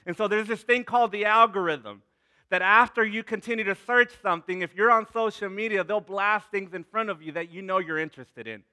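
A man's voice: high-pitched, fairly quick, sharp tone, clear, resonant tone. A man in his thirties, a pastor leading prayer and preaching to a congregation, repeating words and calling out to the crowd. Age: 30s. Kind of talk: sermon with prayer.

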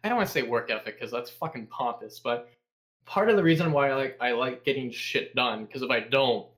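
A man's voice: medium pitch, fairly quick. A young man tells stories as a podcast guest in a casual, profane ramble. He leans on sarcasm and jumps into mock voices of coworkers as he talks. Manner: sarcastic, swears constantly, animated impressions.

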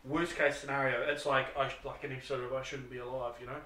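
A man's voice: mid-range voice, level tone, fast. A man with a New Zealand accent co-hosting a podcast, telling crude, profane stories in a rowdy way. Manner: profane, rowdy, loud acted-out exclamations. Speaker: podcast co-host. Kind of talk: crude casual storytelling. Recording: echoey room, mic at a distance.

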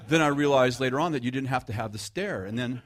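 A middle-aged man preaching in a relaxed, conversational way, with a sarcastic, self-mocking humor. He restarts his sentences often and turns to the audience with questions. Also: mid-range voice. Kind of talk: conversational sermon.

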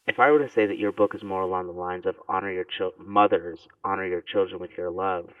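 Low-voiced guy interviewer, thoughtful, sounds far off on a thin phone-like line. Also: steady tone, fairly quick, no room sound. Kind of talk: interview questions. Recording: distant, tinny phone-like sound.

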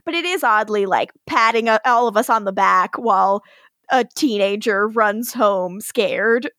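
A woman co-hosting a recap podcast in casual chat, animated and profane, laughing often. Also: medium pitch, a little slow, no echo, clean studio sound. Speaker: podcast co-host recapping an episode.

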